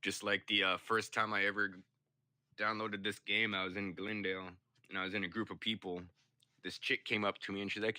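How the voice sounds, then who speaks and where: A man's voice: lowish voice, level tone, brisk, pushed and bright, no echo. A young man streaming, chatting casually and telling rambling, profane stories. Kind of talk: casual chat.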